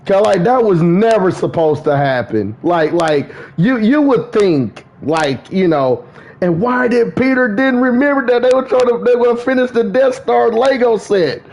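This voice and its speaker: A man chatting casually on a gaming livestream, excitable and profane, laughing often as he talks. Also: high-pitched, normal speed. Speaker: gaming streamer.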